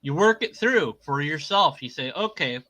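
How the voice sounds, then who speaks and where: Man, slightly higher voice, very bright tone, sarcastic and rambling rebuttal. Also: lively intonation, moderate pace, low-quality recording. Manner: sarcastic, rambling, trails off with shrugs. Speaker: video creator responding to a critic. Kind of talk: casual spoken rebuttal commentary.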